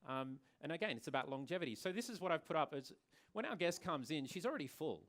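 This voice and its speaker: A man's voice: fairly high pitch, expressive, quick pace, a bit bright. A man who owns a hair salon, giving an earnest talk to a conference audience and often repeating words as he restarts. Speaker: salon owner and presenter. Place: conference venue.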